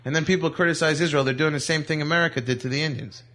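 A man's voice: a little high, fairly even intonation, racing, fairly bright tone. A comedian, a man, telling rambling jokey stories in a casual radio chat. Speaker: comedian guest. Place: radio studio.

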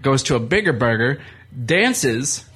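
A man's voice: mid-range voice, a little slow, breathy edge. A man, a comedian and wrestler guesting in the studio, telling a rowdy drinking story with constant swearing and laughter. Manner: animated, laughing, swears often. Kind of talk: profane comic storytelling.

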